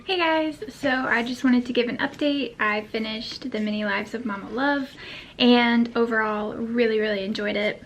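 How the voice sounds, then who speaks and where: Brief: tired woman book vlogger, rambling casual chat, voice sits a bit high, faint hiss behind. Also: steady tone, moderate pace, fairly bright tone. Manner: chatty, rambling, with frequent fillers. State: tired, yawning.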